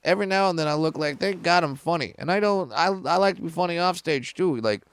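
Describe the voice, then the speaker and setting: A middle-aged man spins stand-up stories in a casual podcast chat, his voice smooth and resonant. He swears freely and leaps higher in pitch when he hits a punchline. The sound is close and dry. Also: fast talker, no room sound. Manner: animated, profane, jumps way up in pitch for punchlines. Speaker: comedian guest.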